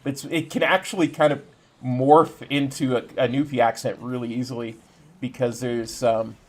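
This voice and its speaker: A man's voice: medium pitch, flat delivery, normal speed. A young Canadian man with a Canadian accent chatting casually while streaming a game, rambling with lots of ums and restarts. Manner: rambling, many fillers and restarts. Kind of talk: casual chat while gaming.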